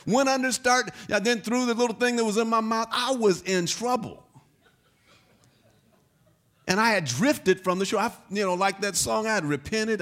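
A man preaching a sermon, telling a personal story and building to shouted exhortation. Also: sits high.

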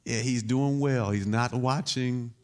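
A man preaching a sermon, telling a personal story and building to shouted exhortation. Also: medium pitch, steady tone, slow.

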